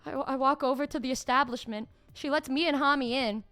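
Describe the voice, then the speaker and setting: A woman's voice: high voice, fairly even intonation, a little fast, pushed and bright, clear, resonant tone. A woman streamer telling a story casually and animatedly, swearing and laughing often.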